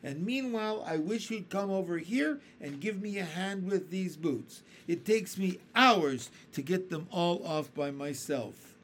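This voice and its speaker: A man's voice: high voice, unhurried, few pauses, a bit bright, a little hiss or hum, voice pushed up. A man voicing a boastful, vain centipede in a storybook reading, proud and bickering. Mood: cheery.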